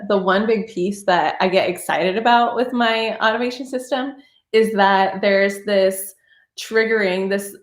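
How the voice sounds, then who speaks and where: A woman speaking as a guest in a casual panel discussion over a video call, enthusiastic and full of "like" and "um". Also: medium pitch. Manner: enthusiastic, filler-heavy with "like" and "um". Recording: roomy echo.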